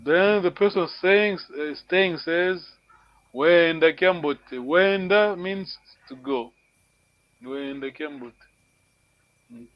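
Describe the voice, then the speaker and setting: A man leads a live language lesson, patiently repeating each word so students can copy it, with frequent chuckles. His voice sits fairly high, and he speaks slowly and deliberately. The call audio is dull and lo-fi, with a dry, close sound. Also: no echo. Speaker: language teacher.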